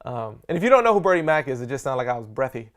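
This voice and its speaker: A man teaching a live seminar on public speaking, energetic and slangy, often checking in with his audience. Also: mid-range voice, rapid-fire. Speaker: speaker coach.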